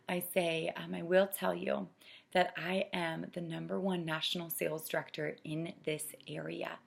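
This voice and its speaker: A middle-aged woman coaching saleswomen, earnest and persuasive, dropping to a soft hush to stress a point. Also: on the low side, vocal fry. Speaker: sales director training consultants. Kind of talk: coaching talk with acted sales pitch.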